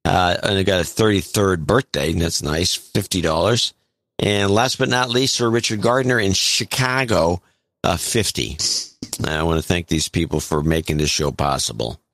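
A man's voice: low-pitched, moderate pace, fairly bright tone, dry recording. A man co-hosting a podcast, casually reading out donor names and towns and stumbling over some of them. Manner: reads names and cities, stumbles on pronunciation. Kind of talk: casual chat.

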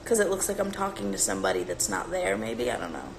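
A woman's voice: a bass voice, very animated, fast talker. A woman in her twenties with a smoky voice, rambling and joking profanely on a casual phone livestream at home. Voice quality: smoky, gravelly. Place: room at home with her cat. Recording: echoey room, faint noise.

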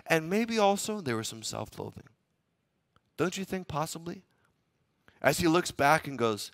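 A man's voice: fairly high pitch, lively intonation, normal speed, a bit bright. A man preaching a sermon as pastor, dramatically acting out the inner thoughts of a biblical figure and asking the congregation to repeat lines back. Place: church.

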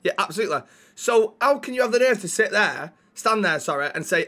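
A man rants at a high, bright pitch, indignant and full of swearing. He is role-playing an officer and argues loudly for himself. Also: animated, brisk. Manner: indignant ranting with heavy swearing. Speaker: streamer playing a police officer. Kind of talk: role-play banter.

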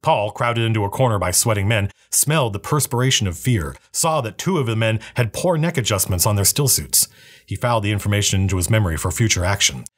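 A man reading a novel aloud with a steady, even storytelling manner. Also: on the low side, fast talker.

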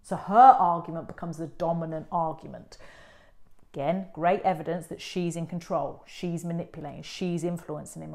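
A woman's voice: on the low side, darkish tone. A woman teacher explaining how to analyse a play for an exam, emphatic and patient, repeating her key points. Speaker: English teacher. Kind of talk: exam revision lesson.

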